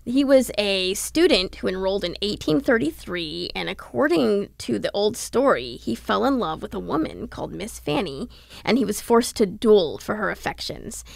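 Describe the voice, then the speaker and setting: Woman, heavy vocal fry, dry close sound, podcast storyteller. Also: mid-range voice, big pitch swings, no echo. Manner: storytelling, detailed, measured. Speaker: history reporter guest.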